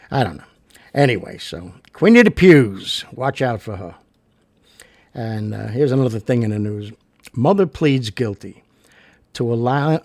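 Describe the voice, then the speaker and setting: A gravelly-voiced man hosting his own show, rambling through personal stories and news with lots of fillers and restarts. His voice is husky and a bit rough. It sounds dry and close, with no room in it. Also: mid-range voice, darkish tone, no room sound. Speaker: show host.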